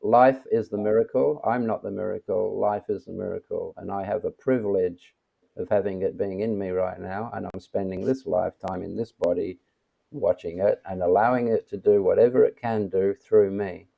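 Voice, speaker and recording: Male interview guest, deep with a rough, fried edge, calm and unhurried, heard over a tinny call line. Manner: calm, unhurried, self-assured. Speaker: interview guest, mystic teacher. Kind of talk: reflective interview talk. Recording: thin phone-like audio.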